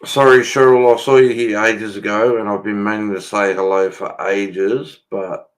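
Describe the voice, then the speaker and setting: A man's voice: on the low side, level tone, normal speed. An Australian man in loose, joking livestream chat who swears freely. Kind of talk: casual chat.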